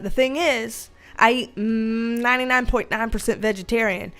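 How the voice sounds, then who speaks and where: A woman hosting a casual livestream at home, chatting and reading out viewer comments with frequent laughter and a playful, animated manner. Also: on the high side, normal speed, soft background music. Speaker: livestream host.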